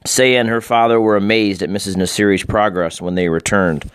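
A man reading a children's book aloud in a calm, gentle storytelling manner. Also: fairly low pitch, fairly quick, smooth.

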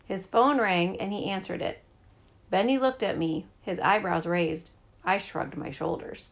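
A woman narrating a children's story in the first person, lively and brisk. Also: medium pitch, creaky. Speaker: audiobook narrator.

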